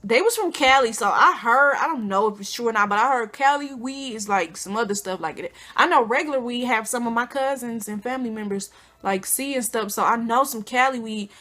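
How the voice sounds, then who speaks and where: Bright-voiced young woman telling a story. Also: a little fast. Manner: animated, acts out quotes with big pitch jumps; informal slangy speech. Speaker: vlogger. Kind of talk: casual storytime.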